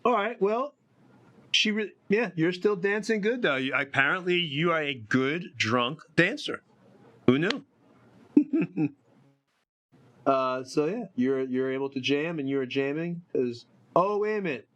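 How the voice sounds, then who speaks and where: A man's voice: a little high, animated, a little slow, fairly bright tone. A man running a tabletop game as game master, loose and joking, often correcting himself.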